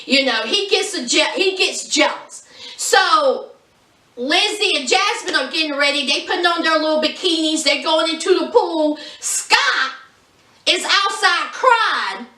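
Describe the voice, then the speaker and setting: Sassy high-voiced woman roasting reality TV. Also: slow, echoey room, recorded from a distance. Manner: sassy, animated, mocking. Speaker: reality TV reviewer. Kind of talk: casual recap commentary.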